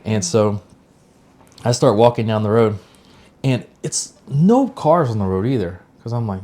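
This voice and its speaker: A middle-aged man with a lowish voice, speaking a little slowly, co-hosts a podcast. He tells a personal story casually and animatedly, acting out the lines of the people in it.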